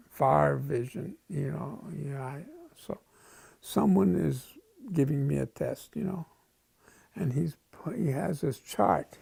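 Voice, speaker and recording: A man's voice: on the high side, creaky, dark tone, breathy edge, dry recording. A man in his eighties from the United States, telling wry, wandering stories in a casual interview. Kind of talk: casual storytelling.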